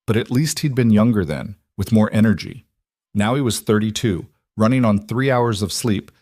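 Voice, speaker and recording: A man narrating a family drama story in a steady, unhurried scripted read. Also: fairly low pitch, dry recording, studio quality.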